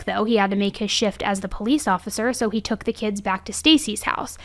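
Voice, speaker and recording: A woman's voice: medium pitch, fairly bright tone. A young woman narrating a true crime case in a chatty, conversational way, often checking in with "right?" and "I mean".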